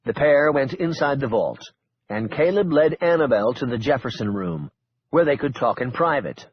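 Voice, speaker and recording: Husky male audiobook narrator. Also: mid-range voice, lively intonation, moderate pace, no echo, dull audio. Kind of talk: scripted narration.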